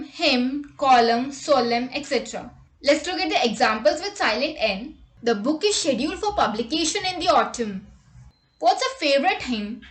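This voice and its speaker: A woman reading a scripted English vocabulary lesson, saying example words and sentences slowly and deliberately. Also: sits high, a bit bright, reverberant. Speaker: English teacher.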